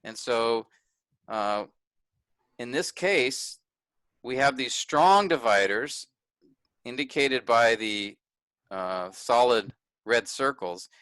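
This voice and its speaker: Male workshop teacher, clear bright tone, dry close sound, methodical explainer. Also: mid-range voice, lively intonation, takes it slowly, pauses often, dry recording. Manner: pointing things out step by step, self-correcting. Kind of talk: explaining a text on screen.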